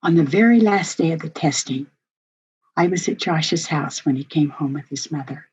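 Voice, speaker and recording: Here the grandmother's husky voice sits low with a darkish tone and a moderate pace. She presents at a workshop, earnestly and warmly relating a story from her own family. The recording sounds dull and lo-fi.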